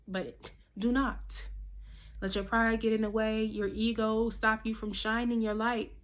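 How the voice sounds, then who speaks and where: A woman with a fairly high voice gives a casual tarot reading to camera. She sounds direct and coaching, with loose slang and the odd curse. She keeps pausing to ask "okay?" as she pushes her listeners to speak up. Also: a bit bright. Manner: salty slang and casual swearing. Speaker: tarot reader.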